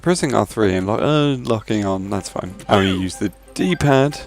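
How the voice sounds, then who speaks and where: This let's play commentator, an Englishman with a Birmingham accent, speaks at normal speed in a lowish, animated voice with vocal fry. Faint music plays underneath as he jokes wryly about the game and voices its lines in silly ways.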